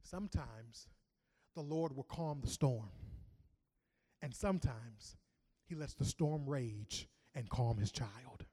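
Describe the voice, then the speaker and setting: A man preaching a sermon, emphatic, swinging from loud declarations to hushed asides. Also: medium pitch, slow, long pauses, slightly rough. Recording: long reverb of a large hall.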